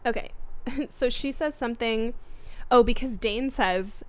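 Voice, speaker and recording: A woman's voice: fairly high pitch, unhurried, darkish tone. A young adult woman co-hosting a casual book podcast, gushing and giggling as she quotes favorite lines. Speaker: podcast co-host.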